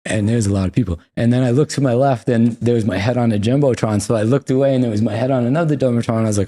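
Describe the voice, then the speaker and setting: A man's voice: medium pitch, quick pace, hardly any pauses. A man from the United States, a podcast guest, telling stories in casual, profane talk and acting out quotes. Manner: animated, profane, acts out quotes. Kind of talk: casual storytelling.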